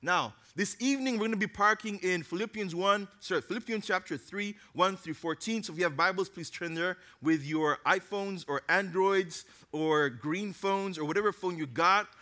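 Bright high-voiced male preacher. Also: normal speed, hardly any pauses. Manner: energetic, conversational, joking asides. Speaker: youth pastor. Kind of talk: casual sermon.

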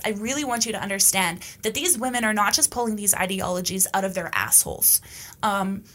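A woman's voice: mid-range voice, bright, forceful tone. A woman hosting a podcast, talking in a casual, opinionated monologue, emphatic and blunt, with the odd swear word. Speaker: podcast host.

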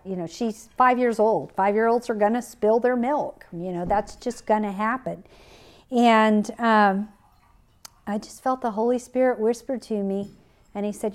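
A woman with a mid-range voice speaks at an unhurried pace, offering a personal, conversational devotional teaching as a podcast Bible teacher. Her delivery is full of fillers and restarts.

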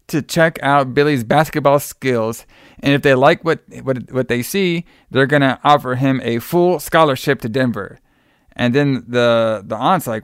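A man's voice: mid-range voice, smooth, no room sound, clean studio sound. A man casually recapping a movie plot, rambling with many fillers and restarts.

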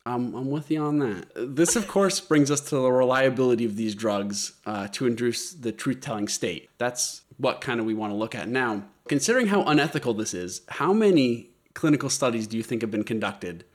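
A man's voice: mid-range voice, animated, brisk, hardly any pauses. A man co-hosting a podcast, explaining a topic in casual chat, earnest, stumbling over repeated words. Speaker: podcast co-host presenting the topic.

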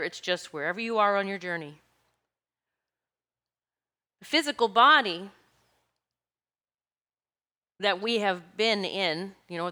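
A woman's voice: mid-range voice, sharp tone, clean tone. A woman giving a casual spiritual talk, rambling and searching for words, with laughs between her thoughts. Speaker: spiritual speaker.

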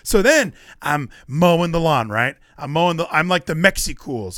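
Animated joking male podcast host. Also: a little high, normal speed, no room sound, studio quality. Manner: rambling, joking asides and running gags; animated, ranting bursts. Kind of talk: casual chat.

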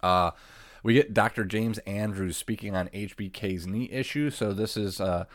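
A man's voice: lowish voice, moderate pace, dry recording, studio quality. A man co-hosting a casual talk show, recapping events in a rambling way with frequent laughs and casual swearing. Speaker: podcast co-host.

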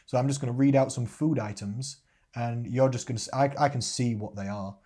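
Male co-host, casual chat, easygoing and giggly, mid-range voice, halting when he reads. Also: mid-range voice, warm tone, husky. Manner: chatty, laughs often, reads out a list haltingly.

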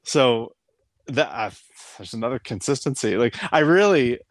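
A man chatting casually as a podcast co-host about a TV show, eager and quick to agree. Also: medium pitch, lively intonation, dry recording, clean studio sound. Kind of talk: casual TV recap chat.

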